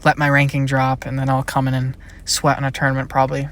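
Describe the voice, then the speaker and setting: A man's voice: medium pitch, completely flat delivery, fast talker, fairly bright tone. A young man, a college-age YouTube creator, chatting casually and rambling through a Q&A, often trailing off. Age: young adult. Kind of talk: casual Q&A chat.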